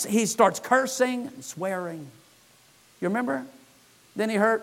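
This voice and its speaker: A man preaching a sermon, telling the scripture stories with animated acted-out lines and frequent filler sounds. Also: high voice, a little slow, gravelly, long pauses. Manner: animated storytelling, acts out the scripture characters' lines. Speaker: pastor.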